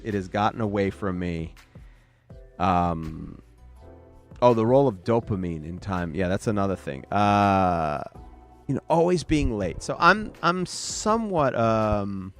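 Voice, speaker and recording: A weary man with a low voice hosts a late-night solo podcast from his small home studio. He rambles, loses the thread and mocks himself. Faint music plays underneath. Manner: scattered, self-deprecating ranting. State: tired and sleepy. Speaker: podcast host.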